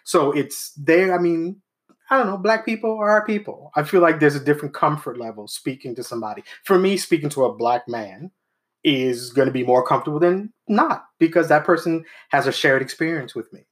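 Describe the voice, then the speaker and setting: A man's voice: on the high side, expressive, a little fast. A man in casual conversation who tells stories from his own life and acts out the voices of the people he quotes. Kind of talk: casual chat.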